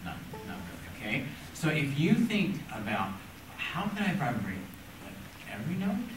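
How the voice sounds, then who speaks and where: A middle-aged man giving a child gentle, patient violin coaching and asking her questions as he goes. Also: medium pitch, background noise. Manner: encouraging, patient, asks questions. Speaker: violin teacher giving a critique. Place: conservatory room with violin playing. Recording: echoey room, voice from far off.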